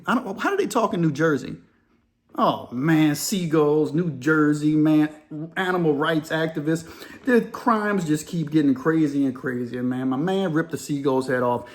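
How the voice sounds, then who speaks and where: A man hosting a crime channel, giving animated, slangy commentary on a news story and laughing as he talks. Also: a little high.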